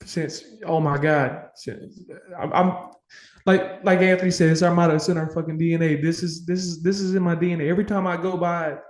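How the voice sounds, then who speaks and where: A man on a casual sports podcast, with a somewhat high voice, talks with raw passion and emotion and swears freely. He is recorded in a home room with a noticeable echo. He comes across fired up and heartfelt. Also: steady tone, brisk. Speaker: podcast co-host. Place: home room full of memorabilia.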